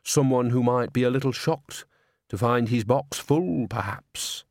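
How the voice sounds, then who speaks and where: A man's voice: a little high, very animated, moderate pace, no echo, studio quality, pitched above the performer's own voice. A man voicing a cheerful, sly old woman witch in an audiobook, chatty and folksy. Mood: softly probing. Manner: chatty, folksy, turns quietly menacing.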